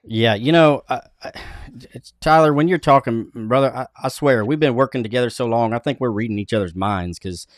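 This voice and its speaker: A man co-hosting a live online business show, giving an earnest, repetitive motivational pitch to viewers. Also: fairly quick, hardly any pauses, no echo, clean studio sound. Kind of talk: motivational livestream talk.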